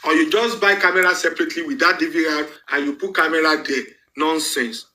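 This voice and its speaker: A man's voice: on the high side, fairly even intonation, a little fast, sharp tone, poor audio. A man with a Nigerian accent hosting an online panel, arguing emphatically, repeating his points and slipping into pidgin. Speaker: panel host. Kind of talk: live online panel commentary.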